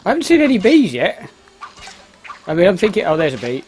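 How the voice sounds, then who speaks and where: A man's voice: high voice, wildly swooping pitch, brisk, darkish tone, faint music behind. A man giving rambling, casual let's-play commentary, exclaiming at the game and muttering asides. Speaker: gameplay commentator.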